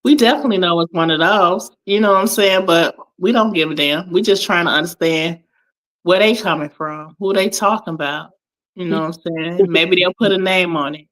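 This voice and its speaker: A woman co-hosting a casual livestream chat, animated and swearing as she talks. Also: fairly quick. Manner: animated, swears, exclaims in a high voice. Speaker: livestream co-host.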